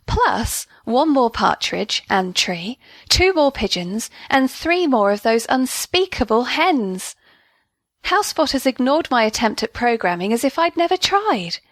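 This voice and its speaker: A woman reading a first-person comic diary story aloud, with an indignant, storytelling manner. Her voice sits fairly high. The sound is close and dry, with no room around it. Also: dry recording. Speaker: story narrator. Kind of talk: scripted first-person narration of audio fiction.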